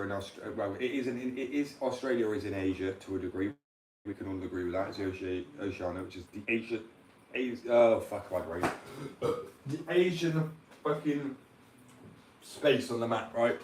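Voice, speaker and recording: A man's voice: on the low side, brisk, a little mellow, a little hiss or hum, rough recording. Brash young Englishman ranting casually. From England. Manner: brash, opinionated, swears freely, rambling. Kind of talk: casual rant.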